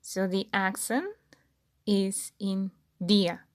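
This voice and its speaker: A woman teaching a beginner language lesson, patiently repeating words slowly and clearly for learners. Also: medium pitch, flat delivery. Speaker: Spanish teacher.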